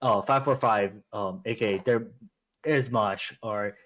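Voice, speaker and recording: A man talking as a guest on a casual podcast, halting often with ums and casual swearing. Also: lowish voice, a bit bright.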